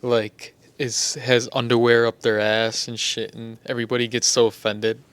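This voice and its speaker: A man's voice: medium pitch, little pitch movement, moderate pace, fairly bright tone, smooth, dry recording. A young man co-hosting a podcast, laid-back, chatting casually with short reactions and laughs. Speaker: podcast co-host. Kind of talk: casual chat.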